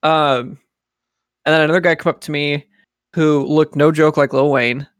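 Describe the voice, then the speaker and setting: A man's voice: fairly high pitch, fairly even intonation, normal speed, dry recording, studio quality. A young man casually telling a rambling story among friends, with lots of fillers.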